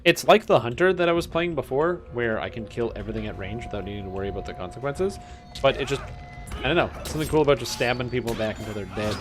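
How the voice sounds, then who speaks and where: Young male streamer, mid pitch, casual and amused, faint game music behind. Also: fast talker. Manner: chatty, amused, excitable bursts. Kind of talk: casual gameplay commentary.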